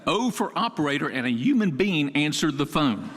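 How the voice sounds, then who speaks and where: A man's voice: fairly high pitch, very animated, normal speed, fairly bright tone, slight background noise. A man in his seventies from Texas giving a humorous storytelling eulogy, conversational and wry, lifting his voice to act out quoted dialogue. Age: 70s. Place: large synagogue sanctuary. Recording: long reverb of a large hall.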